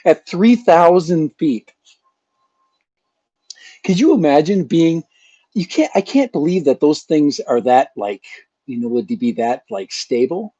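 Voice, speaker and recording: A man's voice: a little high, animated, a little slow, pauses often, dark tone, breathy edge, no echo. A man hosting his channel in a casual live chat, rambling and joking with a chuckle. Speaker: channel host. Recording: dull lo-fi sound.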